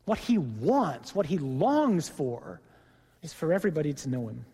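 A man preaching a sermon as the priest of a parish mission, emphatic, slowing down to stress his points. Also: fairly high pitch, darkish tone, slightly rough. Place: large church. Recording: long church reverb.

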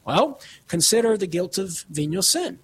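Fairly high-voiced guy on a radio show, earnest, lots of explaining, faint hum behind. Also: very animated, normal speed. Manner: enthusiastic, earnest, explains at length. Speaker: radio show guest expert. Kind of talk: live radio teaching and chat. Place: home studio.

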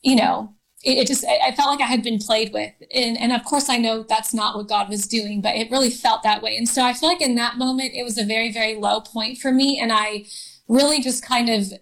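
A woman in her thirties, a podcast guest, telling a personal story in a halting way, full of fillers and restarts. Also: on the high side, fairly even intonation, a bit bright, rough recording. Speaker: interview guest.

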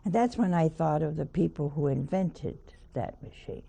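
A woman's voice: low voice, expressive, normal speed, creaky, dark tone, slightly rough. An older woman, a nun, preaching a sermon by telling a homely story with wry asides.

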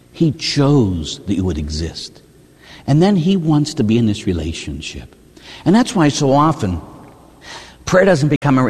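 A man, a Catholic priest, preaching a sermon in an animated, rhetorical way, often asking "huh?". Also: fairly low pitch, husky. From United States. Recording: reverberant hall.

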